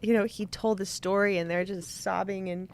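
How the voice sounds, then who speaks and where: A woman of middle pitch speaks in a relaxed podcast chat. She is earnest and encouraging, and she laughs easily as she talks. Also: moderate pace. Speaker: podcast co-host. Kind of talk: casual chat.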